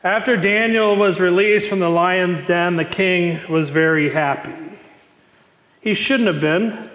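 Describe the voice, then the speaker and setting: A man with a high voice preaches a sermon, retelling the story with lively emphasis and repeated phrases. His voice rings through a reverberant hall, with a long echo trailing his words. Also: measured pace. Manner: animated storytelling with emphatic repetition.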